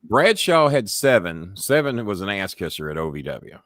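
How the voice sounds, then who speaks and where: A man's voice: fairly low pitch, big pitch swings, moderate pace, fairly bright tone, no room sound, studio quality. A man hosting a casual chat show and telling a profane wrestling story. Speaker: show host.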